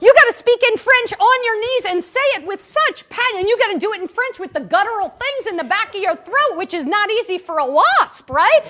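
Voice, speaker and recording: A woman's voice: extremely high pitch, brisk, few pauses. A woman spiritual teacher giving an inspirational talk to a live audience, telling stories playfully and often checking in with "right?". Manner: animated storytelling, playful, keeps asking "right?". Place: room with an audience.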